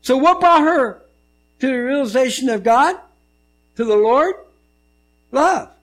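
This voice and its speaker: A man preaching a sermon, telling a story and swinging between loud and hushed delivery. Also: very high-pitched, lively intonation, measured pace, poor audio. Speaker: pastor.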